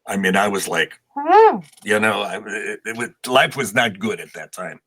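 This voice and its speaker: A man's voice: lowish voice, moderate pace, pushed and bright, slightly rough. A man in his sixties, a guest musician, telling stories in a casual interview with a rambling, self-deprecating manner.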